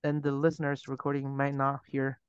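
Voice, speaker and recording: Man with a Chinese accent, smooth and dry. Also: mid-range voice, monotone, a little fast, no room sound. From China. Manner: earnest, explains with many restarts. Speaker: TOEFL teacher. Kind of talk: casual interview talk. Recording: dull lo-fi sound.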